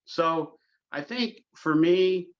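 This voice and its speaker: A man's voice: fairly high pitch, drawn-out words, dull audio. A middle-aged man, a golf course superintendent, telling long stories in a casual podcast interview, with lots of fillers and restarts. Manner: rambling storyteller, many fillers and restarts.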